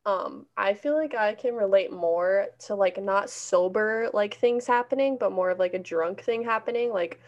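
A woman's voice: mid-range voice, normal speed, hardly any pauses, muffled recording. Candid young woman, casual swearing. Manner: candid, swears freely, laughs often. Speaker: podcast co-host. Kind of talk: casual chat.

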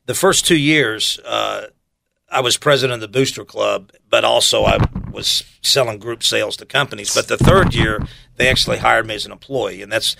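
An older man chatting casually, an animated storyteller who acts out quotes and laughs as he recalls working for a soccer club. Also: on the low side, moderate pace, creaky, noisy background. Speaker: former soccer club staff guest. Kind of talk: casual chat.

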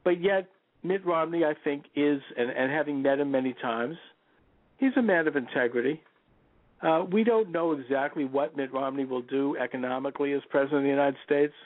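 This is political commentary from a male talk radio host: a strongly opinionated monologue full of "you know" fillers, with pitch jumps whenever he lands on a name. The recording is dry and thin, like a phone line.

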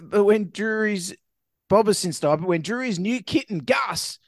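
Male podcast co-host, animated pitch, dry close sound, jokey delivery. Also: measured pace, dry recording. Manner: jokey, reads news story aloud with asides. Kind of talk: casual comedic podcast chat.

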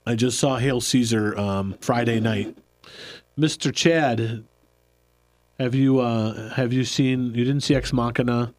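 A man's voice: mid-range voice, steady tone, takes it slowly, a little mellow, dry recording. A middle-aged man co-hosting a casual chat, rambling and correcting himself as he goes. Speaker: podcast co-host.

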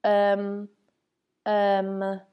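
A woman's voice: mid-range voice, clean tone, dull audio. A woman co-hosting a podcast, chatting casually and joking at her own expense as she answers a quiz. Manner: lively, self-mocking, quick to laugh along. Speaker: podcast co-host. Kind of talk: casual chat.

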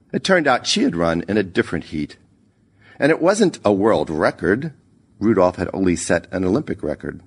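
A man narrating a short story in a measured, expressive reading. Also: low voice, husky.

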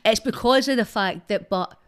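A woman's voice: a little high, moderate pace, smooth. A Glaswegian woman in casual chat as a podcast guest, chatty, self-mocking and full of swearing. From Scotland. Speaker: social media personality, podcast guest.

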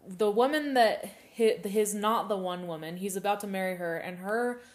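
A young woman co-hosting a podcast in casual chat, rambling and animated, swearing casually. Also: medium pitch, moderate pace. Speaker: podcast co-host.

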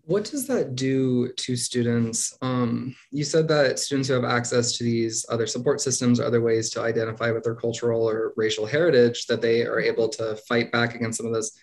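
A man interviewing a guest, asking long, halting questions full of "um" and "uh". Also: mid-range voice, steady tone, a little mellow. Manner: halting, hesitant with many "um" and "uh".

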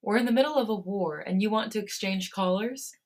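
A woman voicing a gentle, caring young man who speaks softly, in a fan fiction read aloud. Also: medium pitch, brisk, natural voice. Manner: gentle, soothing.

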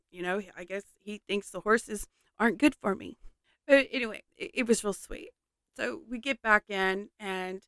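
A woman's voice: medium pitch, a bit bright, no echo, clean studio sound. A middle-aged mother chatting casually as she tells a rambling family holiday story with exasperated asides.

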